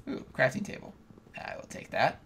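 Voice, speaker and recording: A man's voice: normal speed, very noisy. Joking man hosting a co-op game. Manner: joking, laughs often. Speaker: let's play host. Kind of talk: casual gameplay chat.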